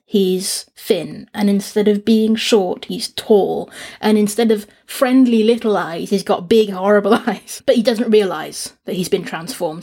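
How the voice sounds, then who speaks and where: Chatty woman retelling a story. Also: medium pitch. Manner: animated retelling, acts out characters' lines in a raised voice. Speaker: podcast co-host. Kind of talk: casual book discussion.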